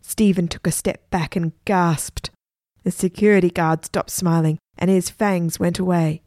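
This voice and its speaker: A woman narrating a children's storybook with lively, expressive delivery. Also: on the low side, a little slow, no room sound, clean studio sound. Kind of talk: storybook reading.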